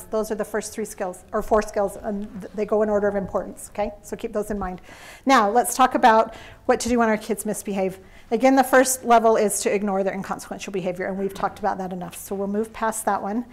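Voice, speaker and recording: Middle-aged woman, workshop presenter, slightly high voice, animated, laughs easily. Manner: animated storytelling, laughs often. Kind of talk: live talk to an audience.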